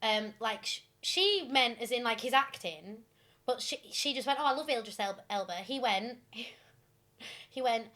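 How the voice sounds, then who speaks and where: A young woman co-hosting a podcast, retelling listener stories in a casual, animated way with lots of fillers and giggles. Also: on the high side, unhurried. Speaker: podcast co-host.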